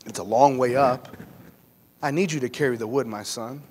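A man voicing an aged patriarch father, speaking gently and solemnly to his son. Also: medium pitch, normal speed, lightly acted. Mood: tender. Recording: long hall reverb, faint noise.

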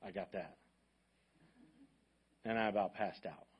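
Guy pastor telling a story from the pulpit, chatty, goes quiet then loud, kinda muffled audio. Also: low voice, a little slow, slightly rough. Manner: conversational storyteller, swings from hushed to loud. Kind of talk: storytelling sermon. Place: church sanctuary.

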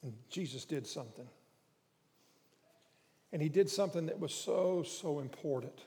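A man preaching a sermon, moving between quiet, hushed storytelling and loud, emphatic preaching. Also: on the high side, lively intonation, moderate pace. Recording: long hall reverb.

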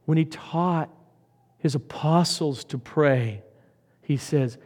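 A man preaching a sermon, swinging from loud emphatic lines to hushed whispers. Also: fairly high pitch, takes it slowly, long pauses, breathy edge. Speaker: pastor. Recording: long hall reverb.

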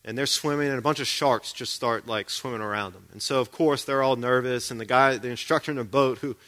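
A man's voice: medium pitch, fairly even intonation, fairly quick, a bit bright. A man preaching a sermon in a conversational way, often checking in with the congregation with questions.

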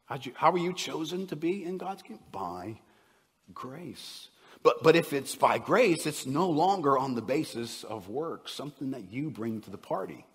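Male pastor, husky voice, dynamic sermon delivery with loud peaks and hushed drops, long hall reverb. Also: medium pitch, animated, normal speed. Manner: swings from loud emphasis to hushed near-whispers.

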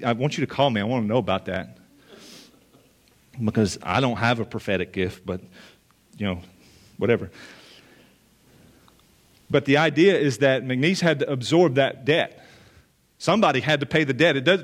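A male pastor preaching a sermon to a room of listeners, earnest and emphatic, repeating phrases for weight. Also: mid-range voice. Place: church or meeting room with listeners.

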